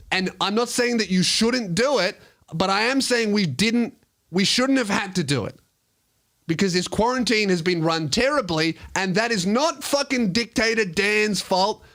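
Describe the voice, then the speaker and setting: A man's voice: sits high, fairly bright tone. A young Australian man hosting a podcast, ranting heatedly with constant swearing. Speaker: podcast host. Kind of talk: ranting casual podcast talk.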